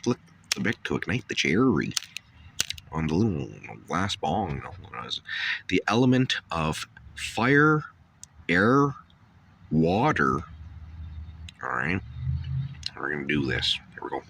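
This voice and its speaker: A man rambles through a stoned comedy monologue, heavy on fillers and swearing. His pitch swings widely while he drawls slowly. Faint hiss sits under the home recording. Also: big pitch swings, a bit bright. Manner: rambling, profane, full of fillers. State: coughing and dizzy after a bong hit. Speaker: comedy skit host.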